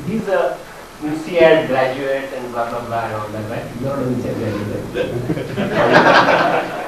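A man, a workshop speaker telling anecdotes in a chatty, joking way with many fillers. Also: medium pitch. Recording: echoey hall from far off, noisy.

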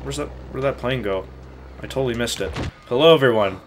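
A man playing a video game with casual let's play commentary, excitable and swearing constantly with loud outbursts. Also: medium pitch, fairly quick, noisy background. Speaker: gamer playing through a game.

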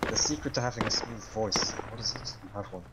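Deeper-voiced male teammate giving flag updates on voice chat; loud battle noise behind. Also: brisk. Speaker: squad member. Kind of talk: tactical game voice chat. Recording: voice chat over loud gunfire.

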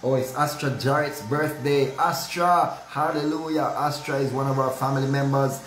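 A man's voice: medium pitch, steady tone, moderate pace, a bit bright. A man leading morning prayer as a pastor, fervent and repetitive, stumbling over words and calling out hallelujah. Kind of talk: prayer and devotional sermon. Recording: roomy echo, faint background noise.

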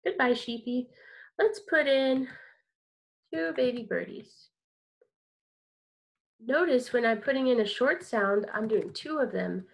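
A woman's voice: fairly high pitch, slow pace, gravelly, long pauses. A woman teaching an online kindergarten music lesson, upbeat and encouraging, leading call-and-response.

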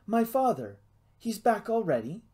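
A man's voice: fairly high pitch, expressive, normal speed, dark tone, natural voice. A man voicing an indignant, eager young prince in an audiobook. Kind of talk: audiobook character reading.

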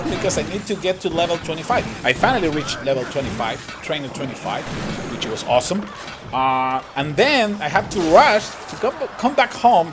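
A young Chilean man, Spanish his first language, streams and comments on a game with a high, swooping voice. He talks fast and casually, laughs a lot and says things twice. Game music plays clearly behind him. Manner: excitable, laughs often, repeats words. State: tired. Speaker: gaming streamer.

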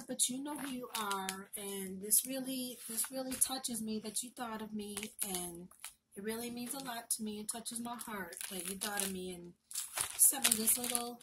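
A woman talks her way through an unboxing at home, gushing and touched, and often repeats her words. Her voice sits at a middle pitch, with steady background noise and paper crinkling behind her. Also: measured pace. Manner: gushing, emotional, repeats herself. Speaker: crafting vlogger. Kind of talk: casual unboxing chat.

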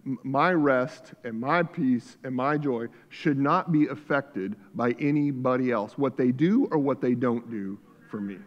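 A man preaching a sermon as pastor, shifting between quiet reflection and loud fervor, recorded in a church sanctuary. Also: mid-range voice, measured pace, highs cut off. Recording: church hall reverb.

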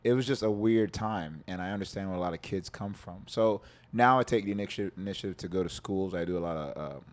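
A man's voice: deep voice, quick pace. A man from Jamaica, a podcast guest, telling stories in a laid-back casual chat and swearing freely.

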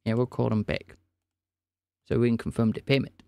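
A man's voice: mid-range voice, moderate pace, vocal fry, noisy background. A man live-streaming a scambaiting call, teasing and playing mock-innocent. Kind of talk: live scam-call banter.

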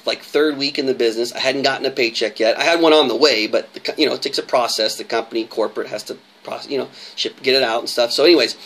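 An energetic man coaching newcomers with a motivational talk. His voice sits in the middle range, and his delivery is emphatic and repetitive, full of quick "right?" check-ins. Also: medium pitch. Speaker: network marketing coach.

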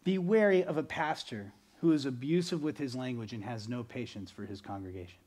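A man preaching a sermon as pastor, animated, swinging between loud bursts and quiet, earnest stretches. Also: medium pitch, fairly quick.

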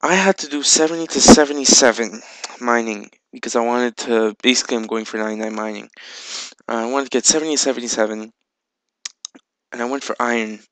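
Gravelly-voiced man rambling through a game vlog. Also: mid-range voice, fast talker, a bit bright, dry recording, rough recording. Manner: rambling, filler-heavy, swears casually. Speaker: video game channel host. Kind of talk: casual gameplay vlog chat.

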